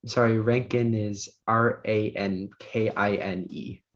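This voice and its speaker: A man acting as pronouncer at an online spelling bee, reading words and definitions in a measured way with small fillers. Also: lowish voice, fairly even intonation. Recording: dull lo-fi online audio.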